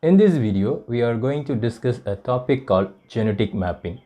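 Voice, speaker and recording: A man with an Indian English accent, teaching a biology lesson and slowly repeating each point as if for dictation. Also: medium pitch, animated, mellow. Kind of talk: classroom lecture.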